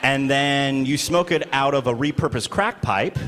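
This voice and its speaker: A man doing a stand-up comedy set, telling a story with animated delivery, laughing through his lines and acting out voices. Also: mid-range voice, normal speed, noisy background.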